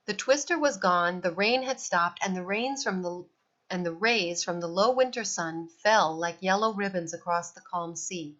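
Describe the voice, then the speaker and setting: A woman with a voice on the low side reads from a children's novel at a moderate pace, using an expressive storytelling delivery. The recording is a little dull.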